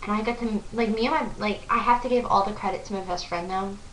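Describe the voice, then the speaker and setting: A young woman vlogger excitedly telling a story to the camera, gushing and full of "like" fillers. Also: medium pitch, quick pace, distant mic, a little hiss or hum. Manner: breathless, gushing, lots of "like" fillers. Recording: echoey room, voice off-mic.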